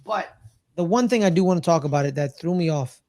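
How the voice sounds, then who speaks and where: A man co-hosting a casual sports podcast, rambling and excitable, often repeating himself. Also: on the high side, brisk, dry recording. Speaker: podcast co-host.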